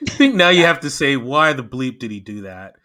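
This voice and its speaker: An American man co-hosting a casual review chat, emphatic and animated, often acting out quotes. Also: mid-range voice, a little fast. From United States. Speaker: podcast co-host.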